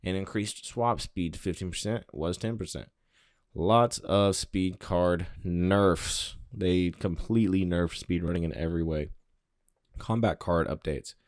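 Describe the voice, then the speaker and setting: A man hosting a gaming channel, reading patch notes aloud and dropping quick offhand asides between the items. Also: low voice, no room sound, studio quality. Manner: offhand, reads in flat bursts with quick asides. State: out of breath.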